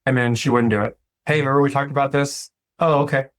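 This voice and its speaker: Guy in his 30s, dentist on a podcast, easygoing, mid pitch, acts out chats with staff. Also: fast. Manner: relaxed, reflective, acts out dialogue with staff. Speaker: dentist and practice owner. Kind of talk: casual interview talk.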